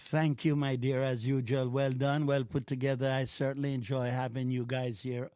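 A man's voice: mid-range voice, normal speed, dry recording. Guy hosting community radio, playful and chatty, dry studio sound. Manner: lively, teasing, drops into Jamaican phrasing. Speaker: radio show host. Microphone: studio mic.

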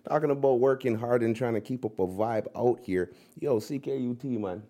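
A man hosting a radio show in casual, slangy chat full of shout-outs. He repeats phrases and slips into Caribbean-style patois. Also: mid-range voice, normal speed. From Montreal. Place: radio studio.

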